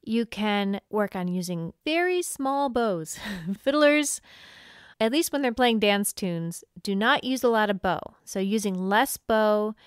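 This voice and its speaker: A woman's voice: mid-range voice, clear, resonant tone, dry recording, studio quality. A woman teaching fiddle on a podcast in a friendly way, laughing often and singing bowing rhythms aloud. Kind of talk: instructional podcast talk.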